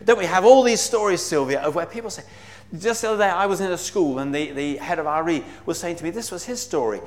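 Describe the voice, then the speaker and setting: A visiting speaker from a Bible society addresses a church congregation with earnest enthusiasm, his talk dotted with fillers and cries of praise. He has a high-pitched voice, talks fast, and his intonation is lively.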